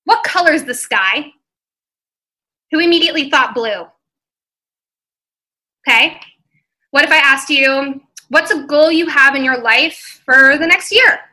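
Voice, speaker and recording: A woman speaker with a high, very bright and sharp voice, giving a motivational seminar talk. She acts out quoted voices and plays with her speed and loudness to hold the room. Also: a little slow, long pauses, low-quality recording. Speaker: life coach.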